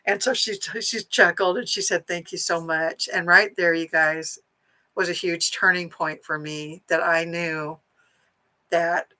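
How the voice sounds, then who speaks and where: Bright-voiced woman telling a story. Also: on the low side, unhurried, rough recording. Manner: chatty, animated, acts out quoted lines. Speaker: psychic medium telling a personal story. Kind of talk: casual storytelling to viewers.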